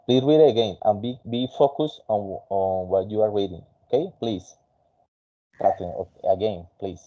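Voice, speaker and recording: A man's voice: lowish voice, moderate pace, lo-fi sound. A man teaching an English class, patiently coaching a student with many fillers and restarts.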